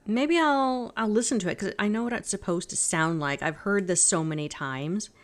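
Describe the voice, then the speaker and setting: A woman's voice: medium pitch, normal speed. A woman casually commenting while she plays a mystery game, chatty and self-mocking, often breaking into giggles. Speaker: game streamer. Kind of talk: casual let's-play commentary.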